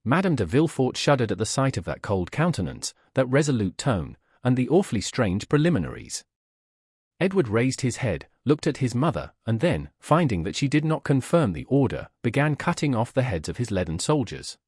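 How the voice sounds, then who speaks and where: A man narrating a classic novel as an audiobook, with a measured, expressive reading. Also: mid-range voice, slightly rough, no room sound, studio quality.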